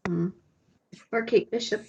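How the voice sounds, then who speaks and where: A woman's voice: mid-range voice, a little slow, gravelly, a little mellow, dull audio, slight background noise. A woman co-hosting a casual chat reviewing a TV special, mostly giving short reactions and dry jokes. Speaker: podcast co-host.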